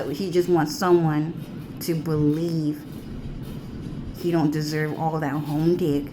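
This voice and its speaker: A woman's voice: fairly low pitch, background noise. A woman talking to her viewers in a rambling, profane monologue that keeps circling back on itself. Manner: profane, repetitive, drawling. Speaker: vlogger.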